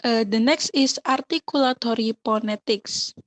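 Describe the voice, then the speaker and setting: A young woman with an Indonesian accent giving a class presentation, halting and switching between English and Indonesian to explain terms. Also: fairly high pitch. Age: young adult. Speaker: student presenter. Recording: muffled lo-fi recording.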